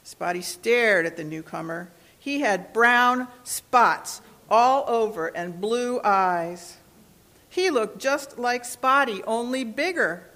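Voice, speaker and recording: Female storyteller for kids' book, gentle, expressive, lots of pitch movement. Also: slow pace. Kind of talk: children's storybook read-aloud.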